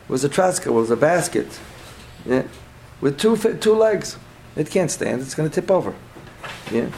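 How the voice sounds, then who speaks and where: A man with a gravelly, slightly raised voice teaches a Torah class over a faint hiss of background noise. He keeps posing questions to his listeners and repeats his points, tagging them with "yeah?". Hebrew and Yiddish words run through his English. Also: a little high, very animated, moderate pace, a little mellow, rough recording.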